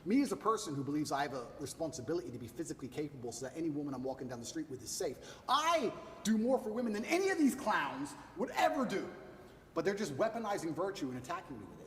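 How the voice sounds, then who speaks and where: High, animated man, boastful and emphatic. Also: echoey room, in a large hall, distant mic, a little hiss or hum. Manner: emphatic, repetitive punchy lists. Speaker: interview guest. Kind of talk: boastful interview talk.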